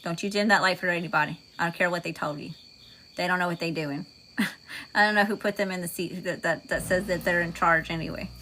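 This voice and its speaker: A woman with a Southern US accent, a tarot reader hosting a livestream, moving between chatty, folksy talk with viewers and a calm guided meditation. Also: on the low side, brisk, slight background noise. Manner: folksy, chatty, says y'all often.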